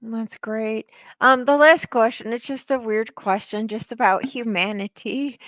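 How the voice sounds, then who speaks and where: A woman co-host with a fairly high voice runs a casual interview. Her questions ramble in a chatty way. The sound is dry and close, with no room echo. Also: unhurried, a bit bright. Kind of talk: casual live-stream interview.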